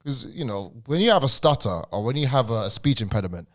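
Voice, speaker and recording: A young man with a stammer, talking as a guest on a podcast in a casual, halting way with slang. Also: medium pitch, very animated.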